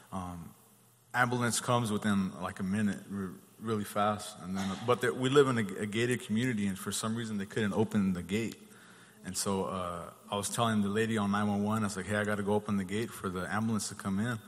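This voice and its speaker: A man telling a guest story in a plain, steady way, with many fillers. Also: fairly low pitch, big-room sound. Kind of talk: casual storytelling.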